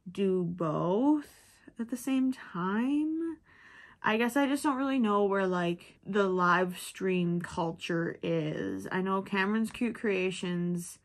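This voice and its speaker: A young woman from Minnesota with a Minnesotan accent, chatting in a rambling, giggly way while she crochets for her vlog. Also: medium pitch. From Minnesota, USA. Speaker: crochet vlogger. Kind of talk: casual chat while crocheting.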